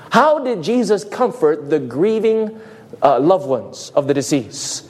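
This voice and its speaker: A man preaching a sermon to a congregation, asking rhetorical questions and swinging between hushed and soaring delivery. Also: sits high, big-room sound. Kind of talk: evangelistic sermon.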